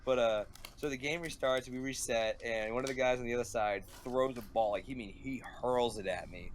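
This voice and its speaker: A young man telling a rambling story in casual chat, full of fillers and animated quotes. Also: medium pitch, normal speed. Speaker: podcast host. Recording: faint background noise.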